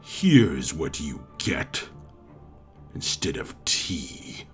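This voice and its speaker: A man voicing a stern male guard of a holy order, speaking slowly and coldly. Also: a bass voice, sing-song, soft background music, pitched below the performer's own voice, heavily acted. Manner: cold, accusing, slow and grave.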